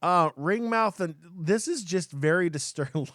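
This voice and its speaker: A man co-hosting a gaming podcast, talking in an excitable, rambling way with many fillers and restarts. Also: high voice, measured pace, dry recording, studio quality. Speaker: podcast co-host. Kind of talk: casual chat.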